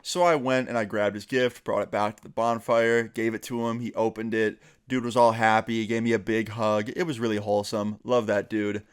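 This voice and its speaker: A man's voice: fairly low pitch, level tone, a little fast, few pauses, clear, resonant tone. A young man vlogging a casual storytime, chatty and full of fillers, slipping into the voices of the friends he quotes.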